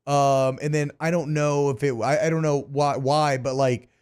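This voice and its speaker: Sex: man. Role: wry sports radio co-host. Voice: fairly high. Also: flat delivery, normal speed, darkish tone, clean tone. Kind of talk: casual sports radio banter. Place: radio studio.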